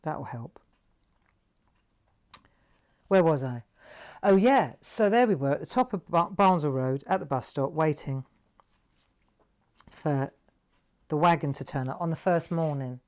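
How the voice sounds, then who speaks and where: A woman hosting a craft livestream, telling a rambling, animated story while she demonstrates. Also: low voice, unhurried, long pauses. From England. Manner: rambling, animated anecdotes with frequent "right?".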